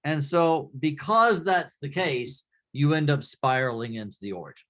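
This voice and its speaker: A man giving a classroom lecture in a relaxed, conversational way, often checking in with the class by asking "right?". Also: fairly high pitch, moderate pace.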